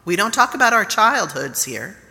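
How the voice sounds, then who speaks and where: A woman's voice: mid-range voice, sing-song, moderate pace, sharp tone, long reverb tail, voice pushed down. A woman preacher voicing a blunt, impatient male therapist who talks in a curt, dismissive way. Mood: brusque. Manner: curt, dismissive, repeats himself.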